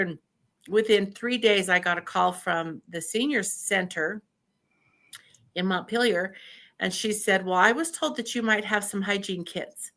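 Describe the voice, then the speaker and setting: An older woman from Idaho, a podcast guest, telling stories in casual chat, animated, acting out what people said and laughing often. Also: medium pitch. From Idaho, USA. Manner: animated storyteller who laughs often and acts out quotes. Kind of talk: casual storytelling interview.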